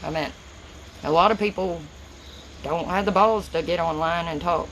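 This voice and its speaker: A woman's voice: fairly low pitch, normal speed, a bit bright, slight background noise, rough recording. A woman with a Southern US accent, answering viewers' comments on a phone live stream in a casual, chatty way. Her words run together and she stutters a little. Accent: Southern US, Tennessee. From Southern United States.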